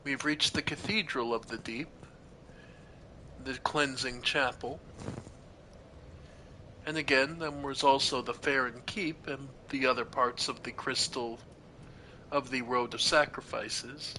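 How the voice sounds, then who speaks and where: Calm streamer man, let's play commentary, slow, bright, faint ambience behind. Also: mid-range voice, a little hiss or hum, poor audio. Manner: calm, reads game text aloud.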